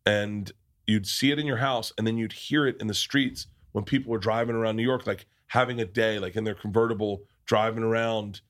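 A man's voice: lowish voice, fairly even intonation, fairly quick, a bit bright. Rambling man telling stories as podcast host. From American South. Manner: rambling, restarts often, swears freely. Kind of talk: casual storytelling chat.

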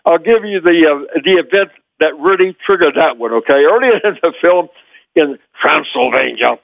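An older man from Memphis, Tennessee, telling animated stories as an interview guest and chuckling often. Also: on the high side, normal speed, creaky, no room sound, narrow, tinny audio. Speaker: guest, former child actor. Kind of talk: anecdotal storytelling.

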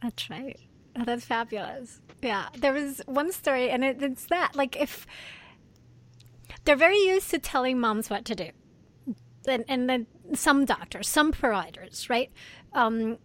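A woman's voice: high voice, lively intonation, unhurried. A woman who works at births, telling a story about a mother in casual chat. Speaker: birth worker.

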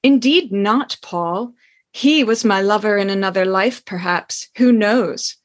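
A woman reading aloud as a seductive, languid aristocratic lady who speaks slowly and teasingly. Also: medium pitch, lightly acted. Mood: purring, teasing. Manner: slow, purring and teasing. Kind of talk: dramatic reading of a novel.

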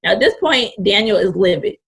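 Gravelly-voiced young woman telling a story. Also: medium pitch, expressive, a little fast, fairly bright tone. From California Bay Area. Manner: candid and blunt, swears freely. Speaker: podcast guest. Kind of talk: casual storytelling.

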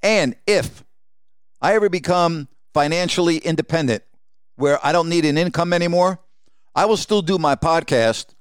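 A man's voice: a little high, moderate pace, clean tone, dry recording, clean studio sound. A man hosting his own podcast, telling a personal story in a conversational way and acting out quoted exchanges with the people in it. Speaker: podcast host.

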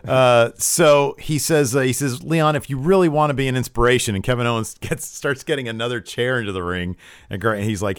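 A man co-hosting a casual chat, recapping events and retelling scenes in lively quoted voices. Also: medium pitch, fairly quick, clear, resonant tone, no room sound, studio quality. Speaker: podcast co-host recapping wrestling.

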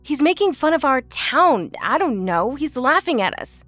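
A woman's voice: high-pitched, big pitch swings, normal speed, fairly bright tone, no room sound, soft background music. An actress playing a skeptical, blunt young woman in an audio drama, impatient and mocking. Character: skeptical, brash young woman, older sister.

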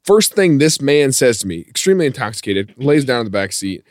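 A man hosting a podcast, telling a funny story in a loose, animated way and laughing often as he goes. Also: mid-range voice, fairly quick, dry recording, clean studio sound. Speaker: podcast host. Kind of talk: comedic storytelling.

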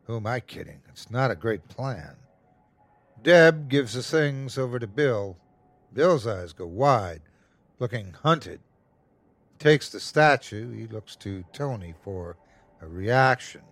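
A male host narrates a horror tale in first person, unhurried and tense. His voice is mid-pitched, recorded close and dry with no room echo. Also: expressive. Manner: slow, tense storytelling.

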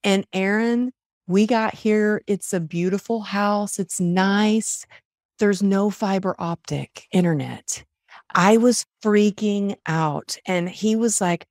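A woman's voice: mid-range voice, takes it slowly, no echo, clean studio sound. A middle-aged woman from Texas, telling stories in a casual interview and acting out what people said. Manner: animated storyteller, acts out quotes. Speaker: podcast guest, author and coach.

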